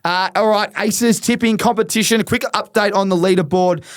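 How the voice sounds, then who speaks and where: An Australian man co-hosts a casual footy podcast. His voice sits a little high, and he talks in a chatty, slangy way and laughs often. The sound is dry and close to the mic. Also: steady tone, normal speed, no room sound. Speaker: podcast co-host.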